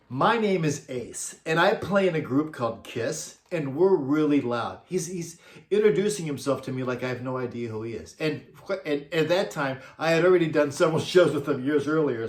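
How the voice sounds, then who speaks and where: A man who worked as a concert monitor engineer, telling a casual, chuckling anecdote in a laid-back way. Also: mid-range voice. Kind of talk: casual storytelling. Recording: roomy echo.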